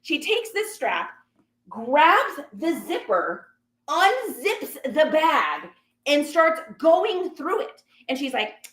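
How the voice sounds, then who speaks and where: Animated high-voiced woman telling a story. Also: slow pace, echoey room. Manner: animated, acts out other people's lines in quotes. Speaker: reseller sharing a garage sale haul. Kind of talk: casual storytelling to viewers.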